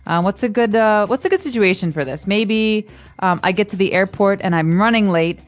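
A woman explains English phrases on a learning podcast, casual and friendly, and grounds each one in an everyday example. Her voice sits at a middling pitch. Faint music plays softly behind her. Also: normal speed. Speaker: co-host and English teacher.

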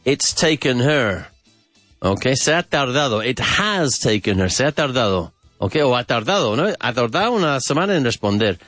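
A man's voice: medium pitch, big pitch swings, a little fast, fairly bright tone, dry recording, faint music behind. A man hosting a podcast grammar lesson, repeating phrases, drilling questions and dropping in Spanish asides with enthusiasm. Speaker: English teacher and podcast host.

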